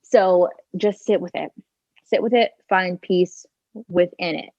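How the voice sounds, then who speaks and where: A woman's voice: fairly low pitch, slow pace, a little mellow, no room sound, lo-fi sound. A woman in her twenties, a podcast guest telling a personal story in a chatty way, leaning on "like" and "kinda" and acting out her own thoughts, speaking into a handheld phone. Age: 20s.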